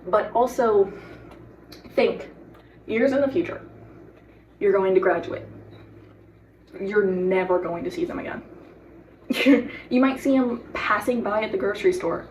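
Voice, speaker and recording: A woman's voice: mid-range voice, unhurried, long pauses, a little mellow. Teen girl vlogging in her kitchen, earnest n giggly, kinda far from the mic, bit of hiss. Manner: earnest and giggly, talks to the viewer directly. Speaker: baking vlogger. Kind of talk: casual baking vlog with advice. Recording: voice from a distance off the mic, faint noise.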